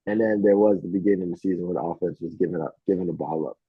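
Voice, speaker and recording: A man's voice: low voice, racing, breathy edge, no echo. A man co-hosting a casual sports betting chat, swearing freely and telling stories with animation. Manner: profane, animated storytelling. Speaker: podcast co-host. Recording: tinny phone-like sound.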